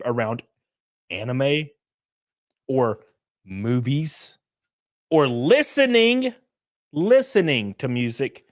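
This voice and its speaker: Ranting young man, high lively voice. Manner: profane, ranting, swings between loud and mumbled. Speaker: streamer. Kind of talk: casual livestream chat.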